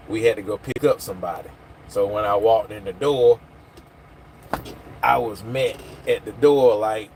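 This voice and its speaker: A man's voice: on the low side, a little hiss or hum. A man hosting a casual livestream from his phone, rambling and answering viewers' comments. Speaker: livestream host. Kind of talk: casual live chat with viewers.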